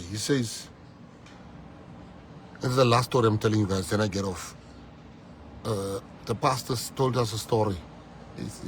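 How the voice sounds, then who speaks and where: South African male politician, fiery rally speaker, loud peaks, slight background hiss. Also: mid-range voice. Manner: fiery, switching between English and Afrikaans, shouting at peaks. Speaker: political leader. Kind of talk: rally speech.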